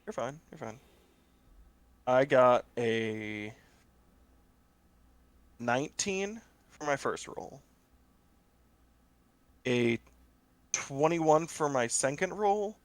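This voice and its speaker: A man's voice: mid-range voice, animated, drawn-out words, pauses often, no room sound. A man playing a tabletop game, talking in a hesitant, apologetic way. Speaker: player.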